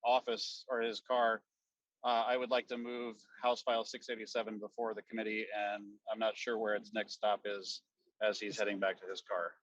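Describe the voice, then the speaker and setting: A man's voice: fairly low pitch, little pitch movement, moderate pace, fairly bright tone, no echo. A man, a committee member, formally moving bills and amendments, with some hesitant fillers. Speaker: committee member making motions. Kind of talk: formal procedural motions. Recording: dry, slightly dull call audio.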